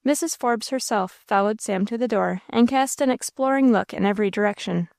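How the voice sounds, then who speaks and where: A woman reading a classic novel aloud in steady storybook narration. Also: mid-range voice, a little fast, creaky, dry recording, studio quality. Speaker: audiobook narrator. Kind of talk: scripted narration.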